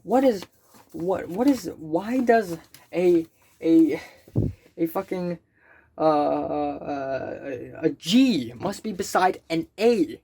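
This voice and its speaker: Young woman, student vlogger, exasperated rant, stammering repeats, frequent swearing, slightly low pitch. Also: lively intonation, slow, warm tone, slightly rough. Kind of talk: ranting vlog.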